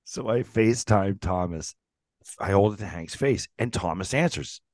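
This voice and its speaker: A middle-aged man with a very low voice spins animated stories in a casual podcast chat. He swears freely and acts out the quotes. The recording is dry and close. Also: normal speed, no echo. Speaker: podcast co-host, former pro hockey player.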